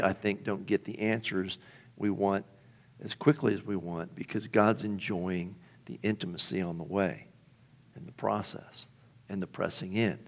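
Man preaching with rhetorical questions. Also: on the low side. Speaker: pastor. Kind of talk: sermon.

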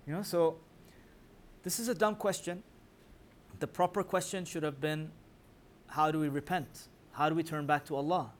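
A man teaching a Quran commentary class, quizzing his listeners with rhetorical questions and reciting verses in a quick chant. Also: fairly high pitch, steady tone, slight background noise. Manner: recites scripture in rapid chanting. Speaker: religious teacher.

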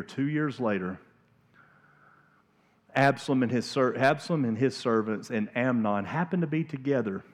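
A man preaching a sermon in a church, emphatic, swinging from hushed to loud and pleading. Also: medium pitch, moderate pace, pauses often. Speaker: pastor. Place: church sanctuary.

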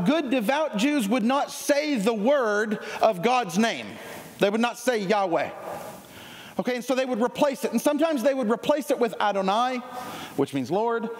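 High-voiced man preaching in a hall. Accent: Southern US. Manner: lively, conversational preaching with jokes and asides. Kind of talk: sermon. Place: church sanctuary. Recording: long hall reverb.

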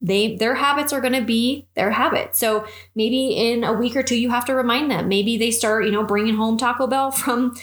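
A woman's voice: fairly high pitch, normal speed, few pauses. A woman fitness and nutrition coach giving advice in an earnest, encouraging way and acting out little bits of dialogue. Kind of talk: advice monologue. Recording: echoey room.

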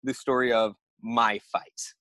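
A young man, a podcast guest, telling a story in a lively way and acting out his own thoughts. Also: mid-range voice, unhurried, no echo. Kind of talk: animated storytelling.

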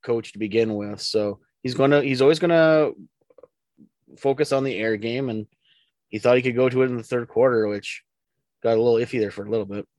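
A man's voice: mid-range voice, brisk, a little mellow, no echo. Podcast co-host, man, opinionated and joking, dry close sound. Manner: opinionated, joking, stumbling restarts. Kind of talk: casual sports chat.

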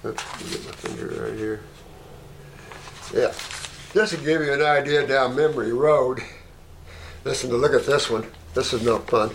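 A man's voice: mid-range voice, moderate pace, creaky, pauses often, slight background noise. Older man telling rambling stories. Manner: rambling anecdotal, animated when retelling. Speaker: natural healer. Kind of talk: casual storytelling.

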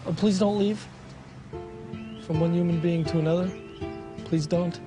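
A man's voice: high voice, steady tone, measured pace, music in the background. An actor in his forties playing an anxious, lonely middle-aged man in a 1990s TV sitcom, talking in a fretful, pleading way. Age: 40s.

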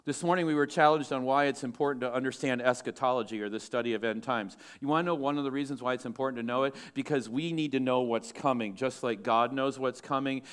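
A male pastor preaching a sermon with lively swings between loud, emphatic lines and hushed, low asides. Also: fast talker, hardly any pauses, clean tone.

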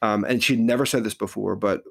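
A man's voice: on the low side, steady tone, fairly quick, gravelly, fairly bright tone. A middle-aged man, a guest on a podcast interview, telling a personal story in an earnest, reflective way with lots of filler words.

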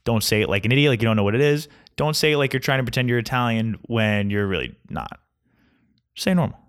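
A man's voice: mid-range voice, animated, fast talker. A young man ranting in a casual comedic monologue, grumpy and mocking. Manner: grumpy, ranting, mocks mispronunciations.

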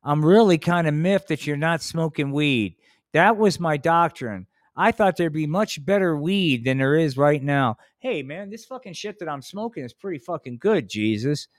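A man voicing a preachy stoner messiah in a comedic puppet show, loud and sermonizing with a drawn-out drawl. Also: a little high, expressive, no echo, clean studio sound, voice pushed up, lightly acted. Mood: scolding.

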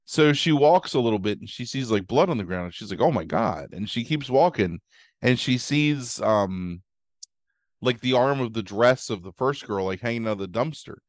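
A man's voice: mid-range voice, animated, normal speed, no echo, studio quality. A man chatting casually as a podcast co-host, rambling through a movie recap full of "like" and "um" while acting out quotes. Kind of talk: casual chat.

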